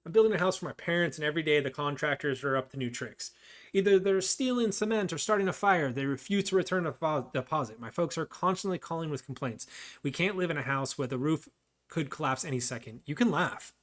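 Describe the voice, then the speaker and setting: A worried woman from a game , read aloud by a man. She complains briskly in a fairly high voice. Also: animated, fairly bright tone. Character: fretful adult woman, worried about her parents.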